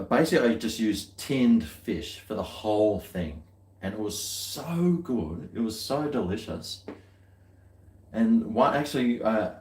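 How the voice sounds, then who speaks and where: A man's voice: fairly low pitch, darkish tone. Laid-back man, echoey room. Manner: rambling, laid-back, chuckling asides. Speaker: vlogger. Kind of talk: casual chat to camera.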